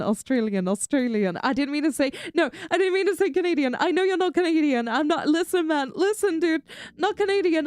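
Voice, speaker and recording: Giggly woman streamer, high voice that swoops around a lot, calls everyone darling. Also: a little mellow. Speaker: VTuber streamer. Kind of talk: casual live-stream chat.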